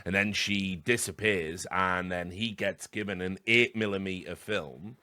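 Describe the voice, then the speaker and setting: A man's voice: deep voice, sharp tone, no echo. A man co-hosting a film podcast, talking eagerly with many restarts. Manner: enthusiastic, halting restarts. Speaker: podcast co-host. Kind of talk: casual film discussion.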